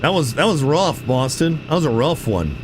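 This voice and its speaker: A man's voice: on the high side, very animated, normal speed, noisy background. A young man streaming a game live, chatting casually and laid-back with his viewers, often calling them "chat" and saying "dude".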